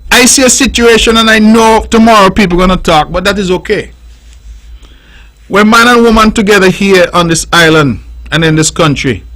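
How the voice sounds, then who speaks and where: A man's voice: high-pitched, bright, forceful tone, rough recording. Emphatic Nevisian man on talk radio. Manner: emphatic, repetitive, preaching delivery. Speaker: radio talk show host. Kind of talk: radio call-in commentary.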